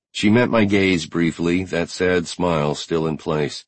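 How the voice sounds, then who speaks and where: A man reads a first-person novel in a measured, unhurried way. His voice is very deep and a little husky. It is recorded close and dry. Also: no room sound. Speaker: audiobook narrator. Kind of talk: first-person audiobook narration.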